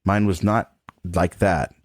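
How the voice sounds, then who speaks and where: Speaking slowly in a low, flat voice, a middle-aged man who teaches trombone shares a candid personal story on a podcast. He's casual and frank, cursing freely and laughing between his points, and the audio has no echo.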